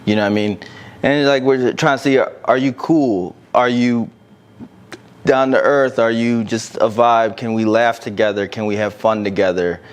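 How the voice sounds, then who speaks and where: A man's voice: mid-range voice, fairly even intonation, moderate pace. A man co-hosting a podcast, talking frankly and casually about dating, with the occasional swear word. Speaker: podcast co-host.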